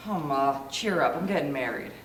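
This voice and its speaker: A man's voice: fairly high pitch, animated, fairly bright tone. A young man in a school play, acting a nervous groom who pleads with his mother. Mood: reassuring. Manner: hurried, anxious stage delivery. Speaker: student actor in a school play. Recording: distant stage voice, echoey hall, noisy.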